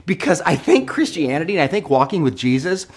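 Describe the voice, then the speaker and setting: A middle-aged male pastor giving a livestreamed sermon as an animated, joking storyteller. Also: fairly high pitch, a little fast.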